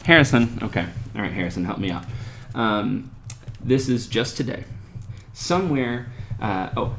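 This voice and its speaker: A man hosting an opinion podcast, talking in an animated, sarcastic way with sharp jumps in pitch on his rhetorical questions. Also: normal speed, pauses often, a little hiss or hum. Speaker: podcast host. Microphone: desktop USB microphone.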